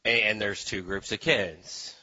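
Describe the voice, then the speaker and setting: A male preacher gives a loose, joking sermon to a room of listeners, acting out the characters as he goes. His voice is very bright and forward. The recording sounds a bit dull. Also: on the low side, measured pace, breathy edge. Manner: animated, joking, acts out voices. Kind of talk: conversational sermon. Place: room with live audience.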